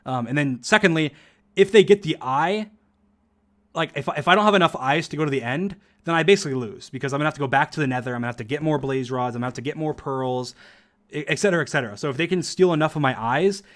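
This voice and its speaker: A man's voice: a little high, fast talker. Brief: young male streamer, slightly raised voice, rambling casual commentary, chuckles often. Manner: rambling, restarts, frequent chuckles.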